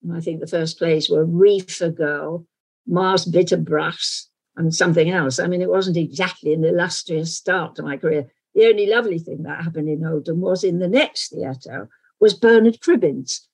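A woman in her eighties from England, with a London accent softened toward received pronunciation, speaking frankly and wryly in an interview. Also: on the low side, husky, poor audio. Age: 80s. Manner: frank, wry, measured storytelling. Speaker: actress guest. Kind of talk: reflective interview conversation.

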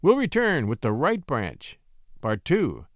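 Male narrator for a classic tale, lively pitch, dry studio sound. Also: dry recording. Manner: expressive storytelling, slows at section breaks. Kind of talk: scripted narration.

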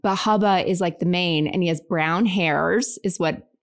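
A woman's voice: lowish voice, unhurried. A woman in her thirties chatting on a podcast, telling family stories with lots of "like" and acted-out quotes. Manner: animated storyteller, acts out quotes, many fillers. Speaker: podcast guest or co-host. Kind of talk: casual podcast chat.

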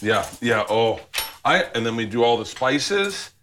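A man's voice: mid-range voice, sing-song, unhurried, a bit bright, slight background noise. A man hosting a cooking show, chatting casually and upbeat while he cooks in a kitchen, swearing now and then. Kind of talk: casual cooking demo chat. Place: home kitchen.

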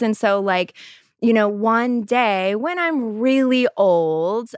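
A woman's voice: a little high, animated, takes it slowly, clean tone, no echo, clean studio sound. A woman in her thirties, a guest in a casual chat, talking freely and filling her speech with "like" and "you know".

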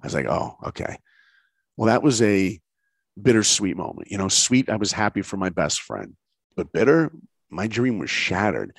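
Brief: middle-aged male guest, a dry close sound, punchy and animated, acts out every line. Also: lowish voice, normal speed, dry recording. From New York. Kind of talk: motivational storytelling.

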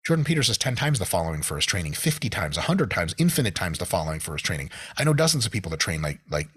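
A deep-voiced man talks on a podcast, his husky voice leaping up and down as he rants. He swears freely and piles up his points with restless energy. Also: very fast. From United States. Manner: animated, profane ranting. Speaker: podcast guest. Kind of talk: casual podcast chat.

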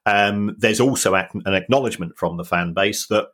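A man's voice: fairly low pitch, normal speed, a bit bright. A man with a South East London accent explaining football finance, hesitant and full of restarts. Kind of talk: casual chat.

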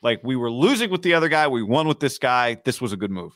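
A man's voice: mid-range voice, big pitch swings, a bit bright, no echo, studio quality. Wry man co-hosting a sports chat. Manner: wry, deliberate, sarcastic. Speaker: podcast co-host.

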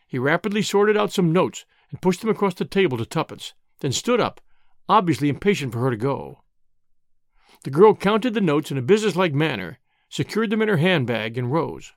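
A man narrating an audiobook in a measured, expressive reading. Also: on the high side, no room sound, studio quality. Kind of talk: scripted narration.

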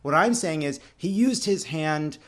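A man's voice: on the high side, lively intonation, unhurried, fairly bright tone. A man co-hosting a podcast, telling a long story in casual chat with bursts of laughter and emphatic asides. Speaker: podcast co-host.

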